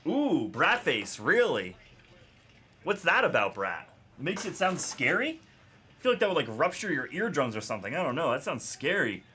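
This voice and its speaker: At normal speed, a young man hosts a live card break in a slightly high, very animated voice that sounds pushed, bright, and a bit rough. He chats casually, spins a story, laughs often, and calls the names of the cards he pulls.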